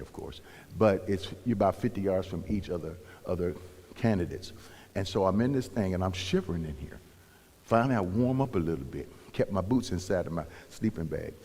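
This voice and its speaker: A male pastor from Cleveland, Ohio, telling a story in a sermon, animated, rising to loud emphasis and dropping to hushed whispers. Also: deep voice, brisk, breathy edge, long reverb tail. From Cleveland, Ohio, USA. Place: church sanctuary.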